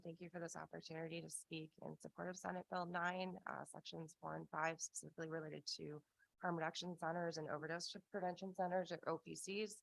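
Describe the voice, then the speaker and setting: A woman's voice: lowish voice, gravelly, fairly bright tone. A woman from Canada giving impassioned public testimony at a hearing over a video call. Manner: earnest, impassioned, slows for emphasis.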